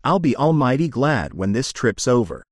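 A man's voice: medium pitch, big pitch swings, normal speed, no echo. A man voicing a weary, skeptical frontier trail companion who talks bluntly and dismissively, in a dry close recording.

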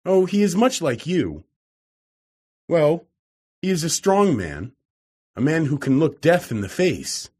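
A man voicing a calm, idealistic young woman in a read-aloud story, lifting his husky voice higher. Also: slow pace, long pauses, full character voice. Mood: gently firm. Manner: raised, softened pitch for the woman's part.

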